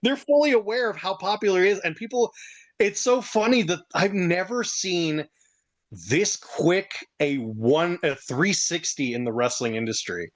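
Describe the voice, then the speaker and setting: A man co-hosting a podcast, telling a story in a casual, excitable way and laughing often. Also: sits high, unhurried. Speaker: podcast co-host. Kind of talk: casual chat.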